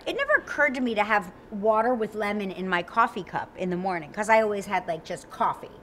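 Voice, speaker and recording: A middle-aged woman co-hosting a morning talk show, chatting in a lively, animated way, laughing and acting out quotes. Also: on the high side, a little hiss or hum. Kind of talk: lively casual chat. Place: TV studio.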